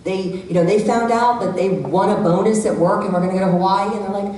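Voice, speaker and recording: Animated woman speaking in an echoey hall. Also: mid-range voice, fast talker. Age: middle-aged. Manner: animated, acts out quoted voices. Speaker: workshop speaker. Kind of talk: lively talk to a live audience. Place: church hall. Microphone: handheld microphone. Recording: echoey hall from far off, faint background hum.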